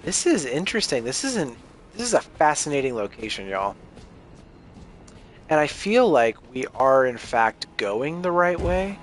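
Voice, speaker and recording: A man's voice: mid-range voice, moderate pace, faint music behind. A young man, chatting casually to viewers while playing a game. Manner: chatty, excitable, talks to viewers as y'all. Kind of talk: casual gameplay commentary.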